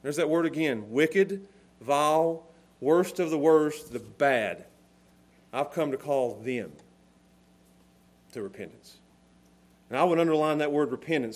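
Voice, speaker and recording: A man preaching a sermon to a congregation in church, with a repetitive, emphatic cadence, swinging from hushed low tones to shouted emphasis. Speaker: pastor. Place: church service before a congregation.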